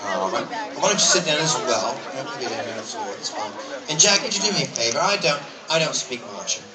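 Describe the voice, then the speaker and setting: A man's voice: medium pitch, lively intonation, fast. A man performing as a stage hypnotist in a live comedy show, with a playful, teasing manner, heard from the audience. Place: outdoor fair stage. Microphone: audience camera from a distance. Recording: distant echoey outdoor crowd recording. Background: loud crowd.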